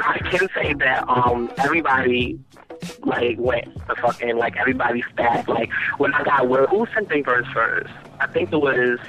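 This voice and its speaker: A man's voice: mid-range voice, a bit bright, low-quality recording. A man who is a rapper, talking loosely and profanely as a guest in a radio interview, laughing often. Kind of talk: casual interview chat.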